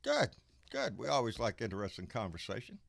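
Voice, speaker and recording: A man's voice: medium pitch, huge pitch swings, fairly quick, vocal fry, dry recording, studio quality. A man from Texas hosting a political livestream, ranting angrily with plenty of profanity and calling guests in. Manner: angry, profane, emphatic ranting. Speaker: live stream host. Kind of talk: political rant and casual chat.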